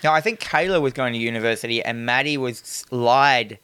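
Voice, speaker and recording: A man's voice: medium pitch, brisk, pushed and bright, clean tone, dry recording. A man co-hosting a casual film review chat, rambling, swearing freely and acting out scenes. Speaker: podcast co-host reviewing a film.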